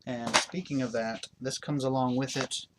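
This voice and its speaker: A man's voice: medium pitch, steady tone, moderate pace, heavy background noise. A man hosting a gaming channel, giving casual show-and-tell in a blunt, opinionated, rambling way.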